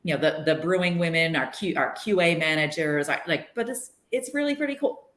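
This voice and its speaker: Low-voiced woman brewer in a roomy space. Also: lively intonation, a little fast, a bit bright. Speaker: head brewer guest. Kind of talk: casual interview chat. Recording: roomy video call audio.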